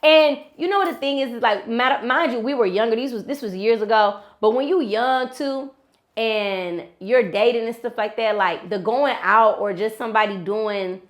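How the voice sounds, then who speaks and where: A woman hosting a casual podcast, telling a story in an animated, slangy, emphatic way. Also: a little high, normal speed. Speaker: podcast host.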